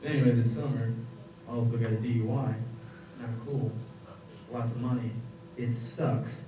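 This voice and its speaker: A young man performing a stand-up comedy set, animated, jumping into quick high-pitched voices for the people in his stories. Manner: animated, acts out others in quick high bursts. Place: comedy venue. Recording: echoey club from a distant mic, audience noise.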